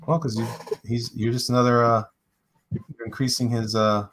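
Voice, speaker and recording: A man's voice: mid-range voice, little pitch movement, normal speed, fairly bright tone, poor audio. A man co-hosting a laid-back livestream, trading teasing jokes in an ordinary mid-range voice. A faint layer of noise sits under his voice throughout. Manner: joking, teasing banter. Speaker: livestream co-host. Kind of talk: casual livestream chat.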